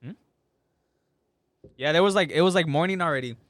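A man's voice: on the high side, brisk, no echo. Young man telling a story in casual slang. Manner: animated storytelling with lots of slang and swearing, acting out quotes.

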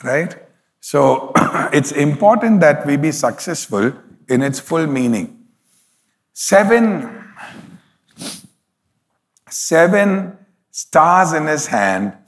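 A man's voice: a little high, very animated, very slow, long pauses, big-room sound. A man preaching a sermon as pastor, emphatic, with frequent hallelujahs.

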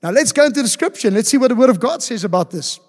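A man preaches from the pulpit, his voice sitting notably high. He leans on emphatic repetition and rhetorical questions to drive each point home. The sound carries a long reverb, as in a large church hall. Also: expressive, racing, a little mellow. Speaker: pastor. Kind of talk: sermon.

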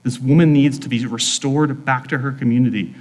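A man's voice: mid-range voice, steady tone, brisk, darkish tone. Earnest male preacher in a reverberant hall. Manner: earnest, informal, frequent "like" fillers. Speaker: pastor. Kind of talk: conversational sermon.

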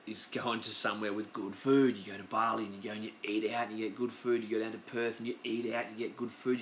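An Australian man with a somewhat low voice rambles through a solo podcast episode. He talks loosely and casually, dropping swear words as he tells stories. It sounds off the cuff rather than scripted. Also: a little hiss or hum. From Western Australia. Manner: loose, profane, chatty storytelling. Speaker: podcast host.

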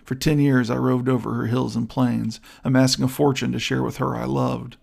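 Male narrator doing a brooding, blunt hunter; gravelly, clipped, harsh delivery. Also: medium pitch, flat delivery, moderate pace, darkish tone. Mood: bitter. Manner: curt, harsh, abrupt replies. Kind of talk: audiobook character voice.

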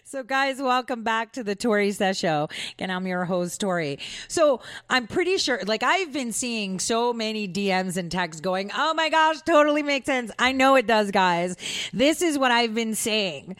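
A woman's voice: medium pitch, lively intonation, measured pace, a bit bright, no echo, studio quality. Chatty, giggly woman talk show host. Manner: chatty, giggly, full of "like" and "you know". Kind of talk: casual opinion monologue.

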